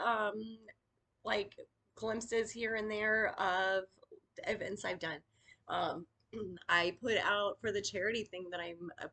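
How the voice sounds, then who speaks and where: Woman, Reiki teacher, casual encouraging delivery, medium pitch. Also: a bit bright. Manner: chatty and encouraging, with frequent fillers. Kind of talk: casual spoken lesson.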